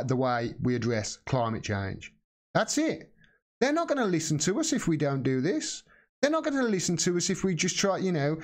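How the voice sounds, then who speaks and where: Blunt, swearing man on a livestream. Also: on the high side. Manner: blunt, swears freely, impassioned. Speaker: livestream host answering viewer questions. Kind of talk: casual live stream chat.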